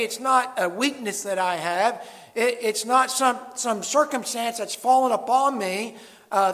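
A man preaching a sermon to his congregation, swinging between loud emphatic lines and quiet low asides. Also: big-room sound. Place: church sanctuary.

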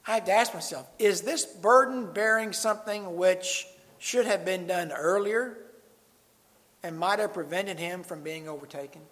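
High-voiced preacher in a reverberant hall. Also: male voice, moderate pace. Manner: swings between loud emphatic lines and quiet low asides. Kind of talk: sermon. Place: church sanctuary.

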